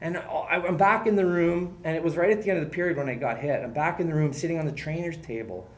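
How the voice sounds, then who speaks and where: A man, a former hockey player, telling animated stories in casual chat as a guest, often laughing and swearing casually. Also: fairly high pitch, fast.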